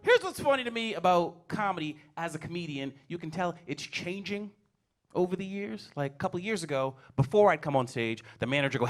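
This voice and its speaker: A man's voice: high-pitched, expressive, a little fast. A male headlining comedian doing a stand-up set on a club stage, wry and teasing the crowd.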